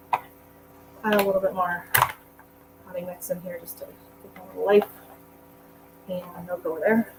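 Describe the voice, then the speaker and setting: A woman's voice: lowish voice, noisy background. A middle-aged woman chatting casually on a gardening live stream at home, rambling between potting tasks and asides to her dog. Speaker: gardening channel host. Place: at home indoors.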